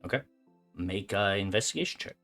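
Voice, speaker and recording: A woman's voice: very deep voice, animated, brisk, a bit bright, faint music behind. A woman narrating as game master of a tabletop game, speaking casually with many fillers.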